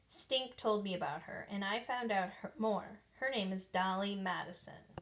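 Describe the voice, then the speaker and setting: A woman's voice: medium pitch, normal speed, a bit bright, natural voice. A woman reading as an earnest schoolgirl.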